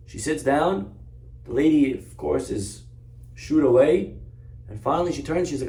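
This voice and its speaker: A man's voice: fairly high pitch, measured pace, pauses often, mellow. A man, a rabbi, teaching a Torah class through an earnest story. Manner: earnest, story-driven, exhorting. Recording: roomy echo, far from mic.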